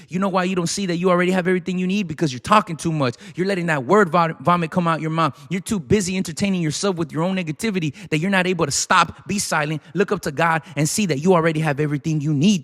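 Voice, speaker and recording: A man's voice: fairly high pitch, fast talker, big-room sound. A man preaching a sermon with emphatic, repetitive, urgent exhortation.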